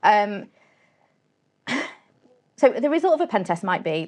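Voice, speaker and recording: A woman's voice: mid-range voice, very animated, normal speed, pauses often, darkish tone. A woman, the guest, explaining her work in a casual, straight-talking interview chat and acting out little bits of dialogue as she goes. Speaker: guest, cybersecurity company CEO.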